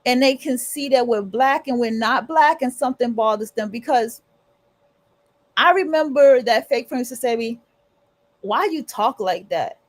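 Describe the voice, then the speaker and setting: A woman's voice: a little high, moderate pace. A woman hosting a livestream, talking casually and rambling with restarts and blunt, profane asides. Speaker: livestream host.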